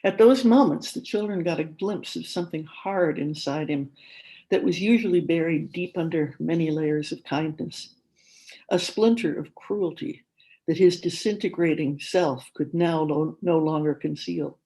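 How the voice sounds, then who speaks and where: Woman reading a story aloud, measured. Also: deep voice, dark tone, rough recording. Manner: measured literary narration. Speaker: conference speaker.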